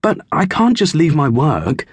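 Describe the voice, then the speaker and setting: Man doing a young servant boy, meek, pleading, husky voice. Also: a little high, wildly swooping pitch, measured pace, dry recording, voice pushed up, full character voice. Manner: mumbling, pleading.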